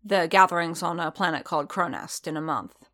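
A woman voicing a weary, stubborn male bounty hunter who talks quietly and haltingly. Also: deep voice. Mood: earnest.

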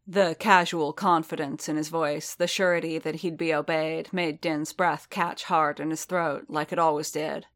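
Low, slow-reading woman narrator. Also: fairly bright tone. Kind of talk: scripted fiction narration.

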